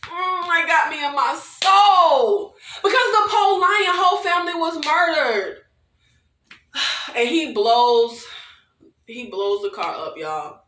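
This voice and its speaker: Animated chatty woman, echoey room. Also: sits high, slow, slight background noise. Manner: animated, chatty, addresses viewers as y'all, laughs often. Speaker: movie reviewer. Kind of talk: casual movie recap.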